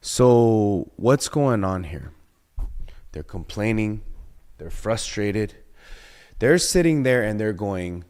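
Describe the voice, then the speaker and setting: A man preaching a sermon, emphatic, with sudden rises in pitch and loudness and many rhetorical questions. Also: animated, a little slow.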